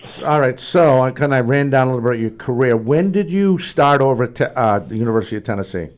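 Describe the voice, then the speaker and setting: A man hosting a sports talk interview, friendly and a bit halting, often restarting his sentences as he asks questions. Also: mid-range voice, animated. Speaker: podcast host.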